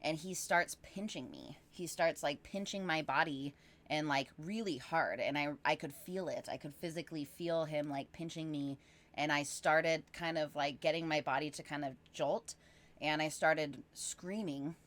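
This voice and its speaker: A woman guest on a podcast, telling a long personal story casually, animated and rambling with lots of fillers. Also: sits low, normal speed.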